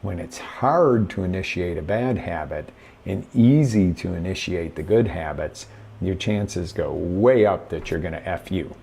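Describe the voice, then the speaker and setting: A man's voice: low-pitched, expressive, measured pace, vocal fry, mellow, husky. A man hosting a live motivational coaching show, talking emphatically straight to his viewers from a webcam setup. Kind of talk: motivational live-stream talk.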